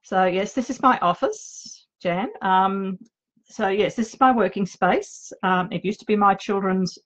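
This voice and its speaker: A woman's voice: medium pitch, steady tone, unhurried, low-quality recording. A middle-aged woman with an Australian accent, an author chatting casually and nervously in her home office, joking about herself. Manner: chatty, nervous and self-deprecating. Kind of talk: casual live video chat.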